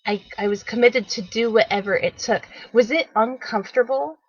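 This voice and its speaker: A woman in her own voice tells a personal story as a wellness host, animated and expressive, acting out the people in it. Her voice is of middle pitch. The recording is dry and a little dull. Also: normal speed, slightly rough, dry recording. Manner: animated storyteller, acts out quotes, laughs often.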